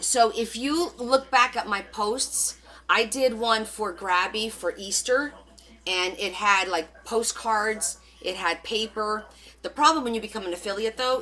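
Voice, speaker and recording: A woman's voice: medium pitch, pushed and bright. A woman hosting a live crafting stream, chatting casually and rambling as she answers viewers' comments.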